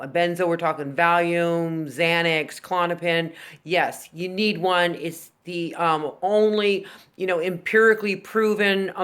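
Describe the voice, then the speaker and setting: A woman's voice: fairly low pitch, a bit bright. A woman vlogging directly to camera about her own recovery, speaking frankly and earnestly, with plenty of fillers. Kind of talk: casual direct-to-camera talk.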